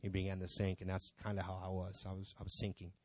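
A man's voice: deep voice, monotone, fast talker, no echo. A man giving an informal testimony in a church, talking conversationally and rambling with many asides. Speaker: church member speaking from the pulpit. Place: church sanctuary.

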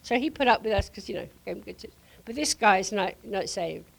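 An older woman preaching to a congregation, telling a lively testimony story with frequent laughter. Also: mid-range voice, a little fast, vocal fry. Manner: animated storyteller, laughing often.

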